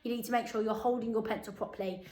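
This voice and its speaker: A woman teaching a phonics lesson to young children in an upbeat, encouraging way, slowly spelling words out letter by letter. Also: on the high side, fairly even intonation, darkish tone. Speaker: primary school teacher. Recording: echoey room.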